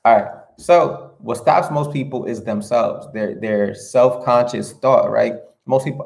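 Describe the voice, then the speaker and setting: A young man gives an earnest, casual motivational talk straight to his camera. His voice has a gravelly, creaky edge at a middle pitch. He circles back over his points and keeps checking in with a quick "right?". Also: a little mellow. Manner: earnest, repetitive, asks "right?" often. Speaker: motivational vlogger.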